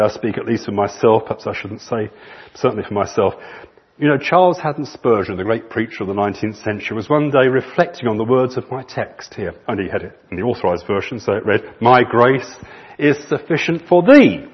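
A man preaching a sermon in an earnest manner, stretching key phrases slowly for emphasis. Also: lowish voice, lively intonation, breathy edge. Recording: muffled lo-fi recording.

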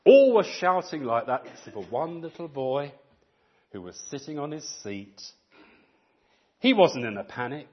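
A man preaching a sermon, telling stories with animated, acted-out quotes. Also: mid-range voice, a little slow, long pauses, dull audio. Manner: animated storytelling, acts out quoted voices.

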